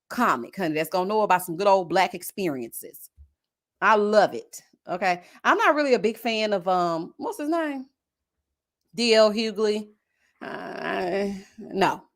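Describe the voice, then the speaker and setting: Animated, sassy woman. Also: medium pitch. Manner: animated, sassy, gossipy and expressive. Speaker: YouTube reality-TV reviewer. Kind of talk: casual live-stream commentary.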